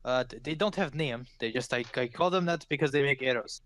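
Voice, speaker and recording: A man's voice: mid-range voice, brisk, a bit bright, slight background noise, natural voice. A man voicing a male Vistani archer who speaks in broken English. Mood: offhand.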